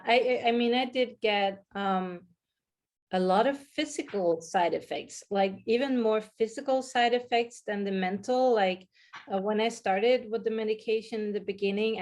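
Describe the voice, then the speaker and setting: Halting woman guest searching for words. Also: medium pitch, a little mellow. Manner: hesitant, searching for words with restarts. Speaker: interview guest. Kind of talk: personal storytelling in an interview.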